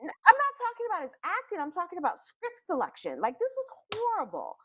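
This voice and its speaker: A woman joins a casual movie panel. Her voice sits high and swings widely as she presses her points. She repeats words and restarts sentences when she gets worked up. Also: fast talker. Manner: animated, emphatic, stammers when excited. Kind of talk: casual chat.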